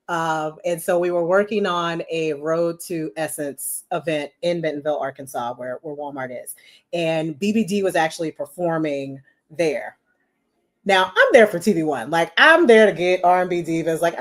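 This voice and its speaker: Middle-aged woman guest, lowish voice, chatty storyteller who leans on "you know". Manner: chatty, animated, many "you know" fillers. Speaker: podcast guest, marketing executive. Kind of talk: casual storytelling interview.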